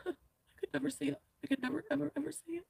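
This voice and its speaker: A woman's voice: sits high, steady tone, very fast, gravelly, a little mellow, no echo. A woman talking frankly to her vlog viewers, rambling and filling her speech with "like" and swearing. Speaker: vlogger. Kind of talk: candid vlog talk.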